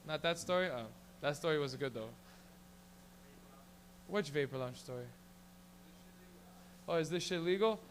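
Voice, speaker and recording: A man with a fairly high, expressive voice speaks over slight background noise. He hosts an open mic comedy night at a small lounge, a Canadian storyteller rambling quickly and profanely on a handheld mic.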